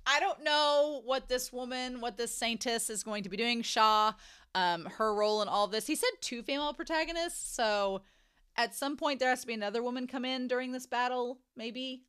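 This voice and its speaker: A woman giving a casual, excited reaction commentary on an anime episode, chatty and laughing often. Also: a little high, normal speed, smooth.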